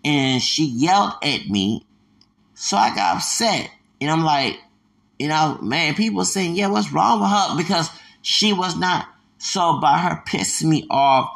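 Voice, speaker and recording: A man's voice: medium pitch, gravelly, a bit bright. A man talking alone on his podcast, ranting in a heated, rambling and emphatic way. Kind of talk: solo podcast rant.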